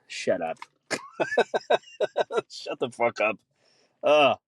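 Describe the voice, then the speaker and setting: Profane, ranting man, low voice. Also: wildly swooping pitch, slow pace, gravelly, long pauses, slightly rough, dry recording, studio quality. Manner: profane, ranting, laughs easily. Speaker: podcast host. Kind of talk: casual chat.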